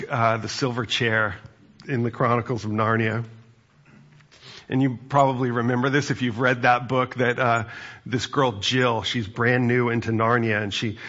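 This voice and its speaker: A male pastor preaches in an earnest, reflective tone, often restarting his phrases. His voice is gravelly and husky. The recording is dull and lo-fi. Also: medium pitch, fairly bright tone. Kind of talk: sermon.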